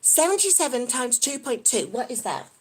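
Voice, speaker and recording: Woman vlogger from the UK, live chat, high and very animated, giggly and excitable. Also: moderate pace, husky. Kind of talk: casual live-stream chat.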